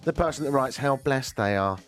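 A man's voice: medium pitch, expressive, brisk, a bit bright, soft background music. A man hosting a radio show in casual chat, dry and self-mocking in manner.

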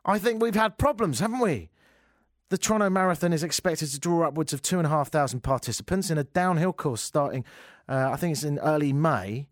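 A man's voice: on the high side, no echo, clean studio sound. A man hosting a talk radio show, riffing through the news in a sarcastic, ranting comic monologue. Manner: sarcastic ranting, swings from mutters to loud exclamations. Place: radio studio.

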